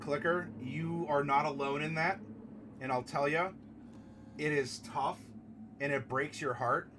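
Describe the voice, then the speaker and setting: A man hosting a casual live stream and answering viewer comments, playful and fond of puns, turning gentle and consoling when a viewer is sad. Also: on the high side, steady tone, a little slow, noisy background. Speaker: streamer hosting a tabletop game channel. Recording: music playing clearly behind the voice.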